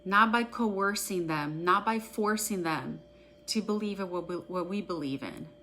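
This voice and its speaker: A woman practitioner guiding an EFT tapping session, speaking in an earnest, gentle, affirming way. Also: on the low side, measured pace, a little hiss or hum.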